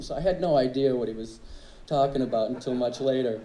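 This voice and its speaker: A man, a drummer, telling relaxed, wry anecdotes in a tribute speech on a live club stage. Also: medium pitch, fairly quick, slight background noise. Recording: echoey club with faint ambience.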